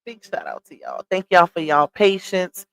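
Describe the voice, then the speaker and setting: A woman's voice: on the low side, huge pitch swings, normal speed, gravelly, fairly bright tone. A woman hosting a casual livestream, chatty and greeting her viewers by name, a little winded from a cold. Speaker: livestream gossip host. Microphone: computer streaming setup.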